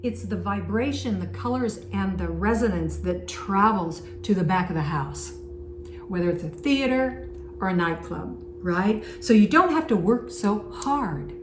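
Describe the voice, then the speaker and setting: A woman's voice: mid-range voice, expressive, a little slow. A woman teaching singing in a conversational, encouraging way, breaking off to demonstrate sung vowels. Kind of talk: vocal lesson with sung demonstrations. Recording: echoey room with faint background noise.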